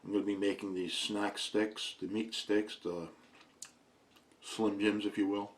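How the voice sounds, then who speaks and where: A man giving a plainspoken, easygoing product review at home, chatting casually to the camera. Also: on the low side.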